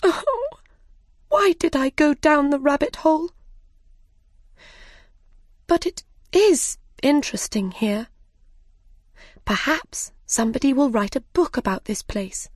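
A woman's voice: sits high, expressive, slow, pauses often, dry recording, clean studio sound, pitched above the performer's own voice. A woman voicing Alice, an anxious little girl talking to herself in a storybook reading. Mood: worried.

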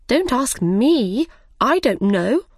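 A woman's voice: high voice, sing-song, a little slow, breathy edge, dry recording, studio quality, voice pushed up, exaggerated voice. A woman voicing a bold, blunt young girl in a storybook reading.

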